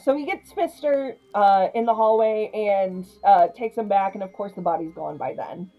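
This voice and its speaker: A young woman casually recapping a horror comedy, chatty and animated, laughing often. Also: mid-range voice, moderate pace, soft background music, low-quality recording. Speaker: film reviewer.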